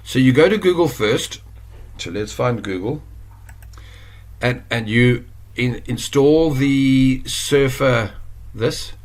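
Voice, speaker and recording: A man's voice: mid-range voice, takes it slowly, pauses often. A South African man giving a casual screen-share tutorial, chatty and rambling, correcting himself as he goes. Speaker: online course instructor.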